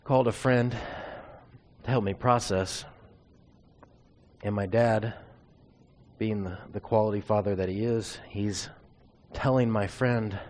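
A man's voice: on the low side, steady tone, unhurried, long pauses, a little mellow. A man preaching a sermon, telling a personal testimony in an earnest, confessional storytelling way.

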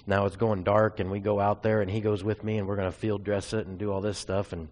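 A man's voice: lowish voice, flat delivery, fast talker, a little mellow. Earnest man preaching a testimony. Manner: earnest, confessional storytelling. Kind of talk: sermon with personal testimony.

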